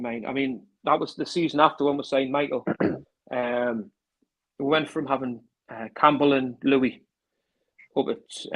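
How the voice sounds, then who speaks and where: Husky North East English man telling stories. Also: mid-range voice, rough recording. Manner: rambling storyteller acting out phone calls with repeated "I says". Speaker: interview guest, former club manager. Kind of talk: casual anecdote telling.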